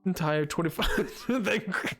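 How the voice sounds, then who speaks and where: Playful, gravelly young male streamer. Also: high voice, takes it slowly, loud music behind the voice. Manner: playful, teasing banter with chat. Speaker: game streamer. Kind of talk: casual live-stream chat.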